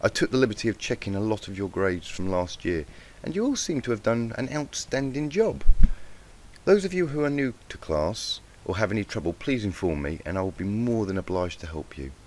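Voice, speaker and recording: A man's voice: on the low side, sing-song, fairly quick, darkish tone, a little hiss or hum. A man voicing a kindly, confident mare cooking teacher in a storybook reading who fusses and calls her students dear. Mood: cheerful.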